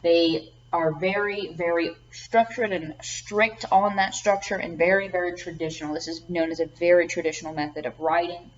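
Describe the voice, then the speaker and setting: A woman's voice: lowish voice, steady tone, normal speed. A woman teaching a class lecture. She often says um, repeats words and checks in with "okay?". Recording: dull lo-fi recording with faint background noise.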